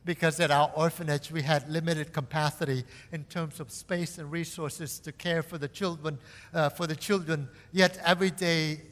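A man's voice: fairly high pitch, a bit bright, in a large hall. A man from Cambodia, a missionary preacher giving an earnest sermon testimony that rises into impassioned pleading.

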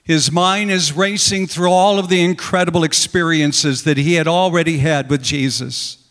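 A man's voice: on the high side, steady tone, moderate pace, a bit bright, long reverb tail. A man preaching a sermon, retelling scripture with dramatic storytelling and acting out the quoted lines. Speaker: pastor.

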